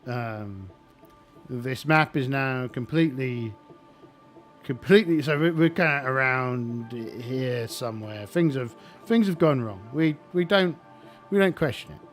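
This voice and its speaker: A man's voice: medium pitch, lively intonation, measured pace, soft background music. A man narrating a solo tabletop game in a rambling, stop-start way full of fillers and restarts. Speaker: game master.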